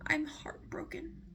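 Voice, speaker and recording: Casting: a woman playing a melodramatic lovesick queen, breathy and theatrical, slow. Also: sits high, pitched above the performer's own voice, exaggerated voice.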